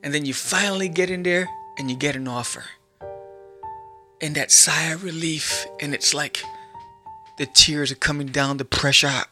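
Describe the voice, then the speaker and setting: Animated bright-voiced male podcast host. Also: fairly high pitch, moderate pace, soft background music. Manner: animated, acts out inner thoughts in quotes. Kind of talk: motivational talk to listeners.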